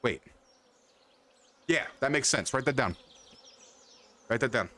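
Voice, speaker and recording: A man's voice: mid-range voice, lively intonation, takes it slowly, pushed and bright. A young man hosting a game livestream, chatting loosely with viewers by name, rambling, repeating himself and swearing freely. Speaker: livestream host. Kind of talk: casual chat with live chat.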